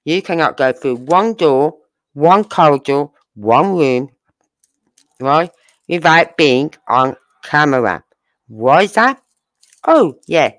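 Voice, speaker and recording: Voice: mid-range voice, fairly bright tone. A true crime channel host giving casual commentary, asking sarcastic rhetorical questions and using blunt, crude slang.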